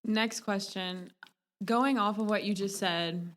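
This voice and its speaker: A woman's voice: mid-range voice, steady tone, slow pace, fairly bright tone. A young woman hosting a podcast, asking questions in a casual, chatty way and sometimes losing her thread. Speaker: podcast host. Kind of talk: interview chat.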